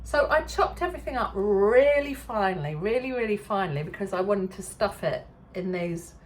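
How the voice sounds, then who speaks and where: A woman's voice: mid-range voice, animated, moderate pace, a little hiss or hum. Chatty, giggly English woman in her kitchen. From England. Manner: chatty, giggly, self-deprecating. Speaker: cooking show host. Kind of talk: casual kitchen demonstration. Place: home kitchen.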